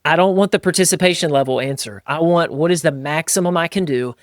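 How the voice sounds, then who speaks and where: Blunt, animated man on a podcast. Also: on the high side, fast talker, dry recording, clean studio sound. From United States. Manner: blunt, energetic, mimics voices in quotes. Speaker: podcast co-host. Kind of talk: casual podcast chat.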